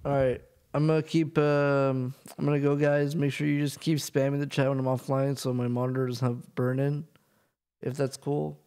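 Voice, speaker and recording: A man's voice: mid-range voice, level tone, normal speed, few pauses, a little mellow, clean tone. Laid-back male streamer signing off. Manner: laid-back, talking to chat. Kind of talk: casual gaming stream chat.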